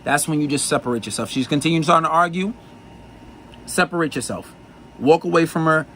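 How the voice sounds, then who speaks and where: A man's voice: a little high, a little fast, fairly bright tone, a little hiss or hum, rough recording. A man giving blunt dating advice in a profane, insistent monologue full of repetition.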